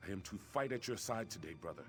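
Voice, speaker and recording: An earnest warrior prince. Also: male voice, on the low side, lively intonation, quick pace. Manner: formal, urgent and concerned. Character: earnest young warrior prince, loyal brother. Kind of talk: video game voice acting. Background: game music.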